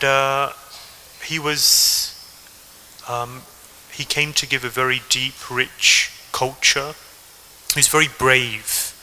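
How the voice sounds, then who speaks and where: A man's voice: mid-range voice, pushed and bright, a little hiss or hum, low-quality recording. A man from England with an English accent, giving a devotional talk and telling stories to the audience. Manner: storytelling, addresses the audience directly. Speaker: temple speaker.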